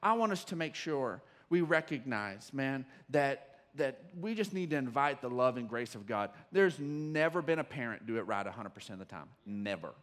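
A middle-aged man preaching a sermon as pastor, telling stories in a folksy way with many restarts and occasional excited whoops. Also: mid-range voice, moderate pace, few pauses. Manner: animated storytelling, bursts of whooping and shouting when excited.

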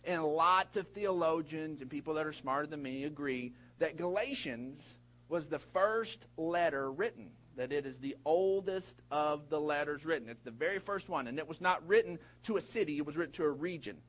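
A middle-aged man preaching a sermon in a folksy way, with big swings in pitch and loudness and many repeated words. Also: moderate pace. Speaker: pastor.

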